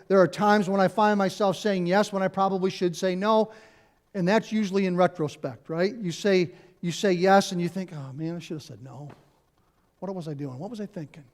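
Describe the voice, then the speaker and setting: A man's voice: high voice, darkish tone. A middle-aged man, a pastor, preaching a conversational sermon in a church, repeating key phrases and adding asides. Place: church sanctuary.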